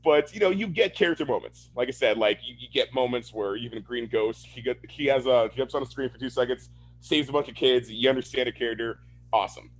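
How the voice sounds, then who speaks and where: A man's voice: medium pitch, fast. A man co-hosting a podcast, ranting casually with lots of swearing and laughter. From Florida, USA. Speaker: podcast co-host. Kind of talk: casual chat.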